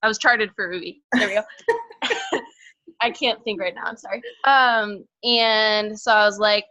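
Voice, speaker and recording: A woman chatting casually about her own experience, bubbly and quick to laugh, full of "like" fillers. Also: mid-range voice, expressive, pushed and bright, dry recording, highs cut off. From northern Idaho, US. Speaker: team member sharing her story. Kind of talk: casual chat.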